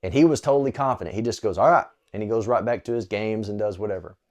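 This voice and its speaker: A man's voice: on the low side, quick pace. Casual man telling a personal story. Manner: conversational, relaxed, with frequent "uh" and "you know". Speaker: storyteller sharing a faith testimony. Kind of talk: casual spoken testimony.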